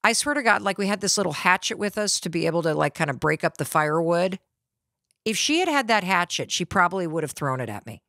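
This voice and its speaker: A middle-aged woman hosting a podcast, telling a personal story in an animated, dramatic way. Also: on the low side, fast, no room sound, clean studio sound. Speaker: podcast host.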